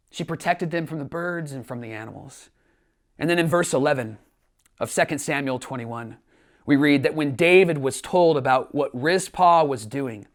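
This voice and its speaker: A man, a pastor, preaching a sermon with earnest storytelling and rising emphasis. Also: a little high. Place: church streaming from home.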